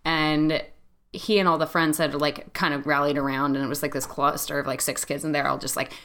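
Female podcast host, 30s, lower pitch, animated casual storyteller. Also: brisk. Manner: chatty, animated, frequent "like" fillers.

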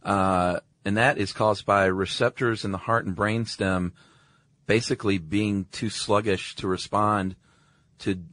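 Low-voiced male podcast co-host, chatty and agreeable, dry studio sound. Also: fairly even intonation, measured pace, a bit bright, dry recording. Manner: chatty, frequent agreeing interjections. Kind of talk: casual conversational chat.

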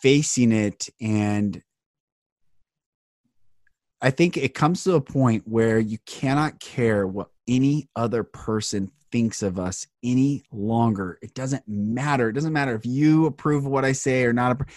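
Male podcast host, earnest and impassioned, mid-range pitch, dry recording. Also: unhurried, darkish tone, no echo. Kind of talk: heartfelt podcast conversation.

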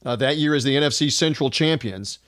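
A man's voice: mid-range voice, brisk, fairly bright tone, dry recording, clean studio sound. A man hosting a sports podcast, delivering an upbeat, run-on introduction with frequent fillers. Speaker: podcast host.

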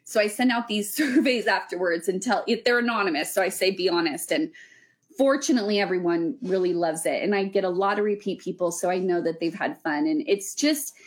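A woman's voice: mid-range voice, fairly quick. A young adult woman, a weightlifting coach, talking earnestly and rambling with lots of fillers in a casual podcast chat. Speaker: weightlifting coach running women's camps.

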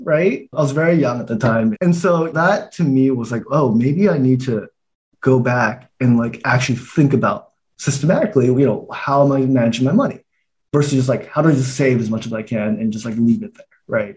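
Thirties man from Taiwan, podcast guest, relaxed chatter with frequent laughs. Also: mid-range voice, normal speed. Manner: relaxed, laughs often, many "like" fillers. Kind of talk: casual conversation.

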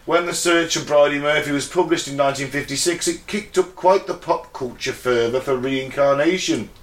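A man's voice: fairly high pitch, normal speed. An English man co-hosting a podcast, reading out a case from notes and laughing along with friends. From England. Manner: laughs often, reads notes then riffs. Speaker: podcast co-host. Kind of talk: casual chat, reading out a case. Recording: echoey room.

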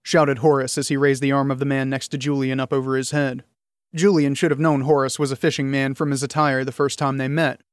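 A man's voice: medium pitch, little pitch movement, a little fast, no room sound, studio quality. A man narrating a fantasy novel in scripted storytelling. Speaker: audiobook narrator.

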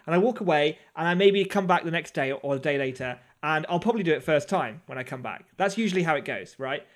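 A man's voice: on the high side, expressive, quick pace. A man co-hosting a podcast, chatting in a rambling, self-deprecating way with fillers. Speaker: podcast co-host. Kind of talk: casual chat.

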